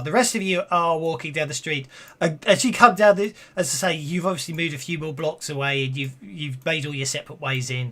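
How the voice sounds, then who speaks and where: A man's voice: medium pitch, sharp tone. A man narrating as game master of a tabletop game, rambling with many fillers and restarts.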